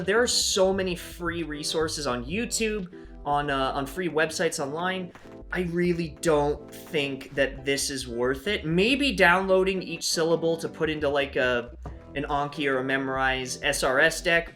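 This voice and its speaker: A man's voice: fairly high pitch, a bit bright. A man giving a frank, chatty, opinionated review in a casual spoken style. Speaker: language-resource reviewer.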